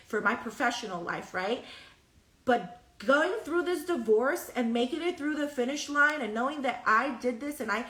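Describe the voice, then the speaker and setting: A woman hosting her own podcast, candid and emotional, laughing easily and acting out what others said. Her voice sits a little high and sounds bright and forceful. She is a bit away from the mic in a roomy, echoey space. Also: recorded from a distance. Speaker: podcast host. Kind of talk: solo podcast talk.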